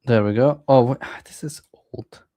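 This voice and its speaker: Excitable co-host man, mellow voice. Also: medium pitch, normal speed. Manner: excitable, indignant, lots of "like". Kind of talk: casual political chat.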